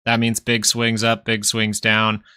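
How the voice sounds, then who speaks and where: A man's voice: fairly low pitch, completely flat delivery, a little slow, bright, forceful tone, clear, resonant tone. A man hosting a live stock market stream, chatting casually and rambling between chart talk and answers to viewers. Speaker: stock market livestream host.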